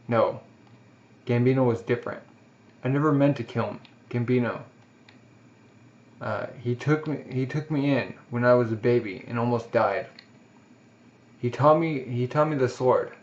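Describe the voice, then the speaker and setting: A man reading aloud the lines of a haunted young male mercenary swordsman in a flat, unacted voice, in a muffled lo-fi recording. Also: mid-range voice, normal speed, pauses often, close to an everyday voice. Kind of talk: casual read-aloud of a comic.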